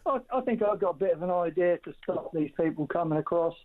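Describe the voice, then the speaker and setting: An older caller, plain-spoken and low-key in manner. His voice comes through a tinny phone line. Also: lively intonation, fast talker.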